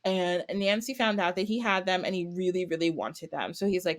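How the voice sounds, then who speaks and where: A woman's voice: on the low side, fairly quick. A woman guest on a podcast, telling a folktale casually and acting out the characters' lines. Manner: animated, acts out characters with little voices and laughs. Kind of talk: casual storytelling.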